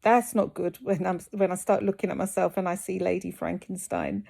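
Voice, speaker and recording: A tired woman from the UK talks openly to the camera, her voice dropping into a gravelly fry. She hesitates often, filling pauses with ums and restarting her sentences. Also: lowish voice, dark tone. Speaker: fitness vlogger recovering from surgery. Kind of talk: candid talking-to-camera vlog.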